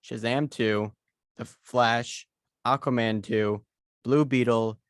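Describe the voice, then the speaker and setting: A man's voice: medium pitch, steady tone, takes it slowly, dry recording. Man, podcast co-host, casual rambling chat, hesitant with lots of fillers, dry close sound, video call.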